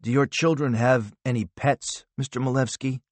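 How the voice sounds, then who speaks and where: A man voicing a cold, relentless male interrogator who asks calm, clipped questions in an audiobook. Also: medium pitch, normal speed, dry recording, voice pushed up, close to an everyday voice.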